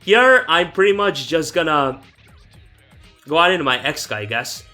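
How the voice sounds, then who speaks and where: A young man talks through his own competitive match in a loose, rambling way, restarting sentences and swearing now and then. His voice is bright and forceful, and sits a little high for a man. Faint music plays underneath. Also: animated, moderate pace. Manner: rambling, self-correcting, swears casually. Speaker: gaming YouTuber. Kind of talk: casual live gameplay commentary.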